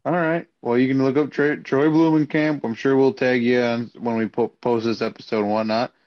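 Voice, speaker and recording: A man hosting a podcast in a laid-back way, closing the episode with thanks and shout-outs. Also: medium pitch, fairly even intonation, moderate pace. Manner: laid-back, brief reactions, wraps up the show. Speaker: podcast host. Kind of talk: casual podcast chat. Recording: dull, muffled audio.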